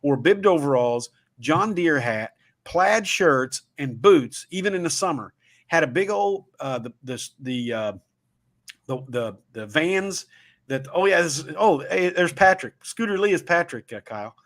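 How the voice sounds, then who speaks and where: A man's voice: fairly high pitch, expressive, measured pace, a bit bright. A man with a Southern Ohio accent, hosting a casual livestream talk and telling rambling, folksy stories. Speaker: show host.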